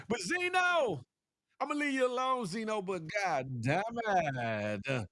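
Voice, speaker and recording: Man, high voice, dry close sound, animated morning-show host, teasing trash talk. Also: a little slow, no echo. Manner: animated, swings between high teasing calls and low serious asides; playful trash talk with laughs and repeated "huh?". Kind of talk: casual commentary monologue.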